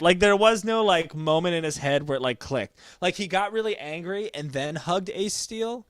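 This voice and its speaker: A man's voice: high voice, animated, moderate pace, few pauses, dry recording, clean studio sound. Laid-back man giving wrestling opinions. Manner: laid-back, swears casually, laughs along. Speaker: podcast co-host. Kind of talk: casual wrestling recap chat.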